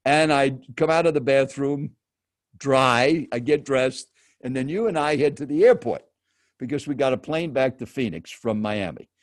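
A man's voice: medium pitch, moderate pace, no room sound, studio quality. A professional speaker, a man, telling a personal anecdote and turning to his listener with direct questions. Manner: lively storyteller, addresses listener directly. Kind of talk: personal anecdote told to a host.

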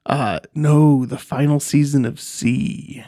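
A man's voice: medium pitch, fairly even intonation, takes it slowly, dark tone. A man co-hosting a podcast in loose, joking casual chat, laughing often. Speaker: podcast co-host.

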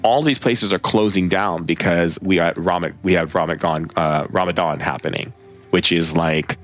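Soft background music plays behind a spiritual teacher whose deep voice holds a steady tone at a moderate pace. His storytelling is casual and conversational, wandering along with plenty of fillers.

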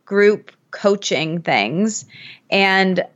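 A woman's voice: mid-range voice, animated, extremely slow, muffled recording. Chatty storytelling woman from Michigan. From Michigan, USA. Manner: chatty, storytelling with many fillers. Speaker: podcast guest. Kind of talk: casual podcast conversation.

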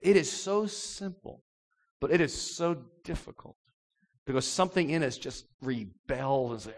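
A male pastor delivers an animated sermon and acts out voices as he goes. His pitch swings widely from phrase to phrase, and long reverb hangs behind his words. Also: measured pace.

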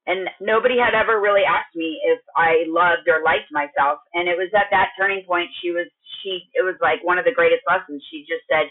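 A woman in her late thirties from Minnesota talks loudly and with energy, restarting her sentences as she tells her story. Her voice comes through a thin, phone-like line. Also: on the low side, brisk, hardly any pauses. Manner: loud, energetic, chatty with many restarts. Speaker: guest, gym owner. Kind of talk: storytelling in a podcast interview.

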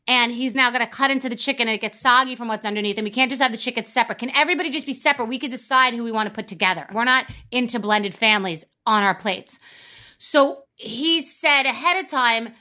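A woman's voice: a little high, fast talker, sharp tone. A woman hosting a podcast, telling a rambling comic story with many asides, then introducing a guest. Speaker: podcast host.

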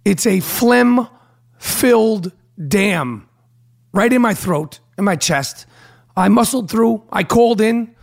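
A hoarse man hosting a podcast, talking in a brash, profane, rambling way full of fillers. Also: sits high, lively intonation, slow. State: hoarse from a throat problem. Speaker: podcast host. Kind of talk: casual podcast monologue with host-read ad.

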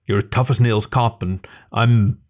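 A man voicing a clumsy male hoofed suitor in a storybook reading, with a gruff, grumbling delivery. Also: lowish voice, steady tone, measured pace, darkish tone, close to an everyday voice.

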